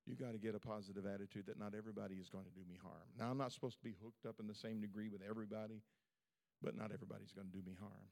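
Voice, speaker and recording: A man's voice: on the low side, fairly even intonation, very fast, creaky, darkish tone. A male pastor preaching a sermon at a church service in a fervent, conversational way, with lots of repetition.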